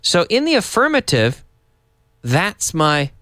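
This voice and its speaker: Middle-aged male English teacher from Canada, slightly high voice, very animated delivery, dry booth sound. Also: slow, no echo. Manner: animated, acts out example sentences with big question intonation. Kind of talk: English lesson for Spanish speakers.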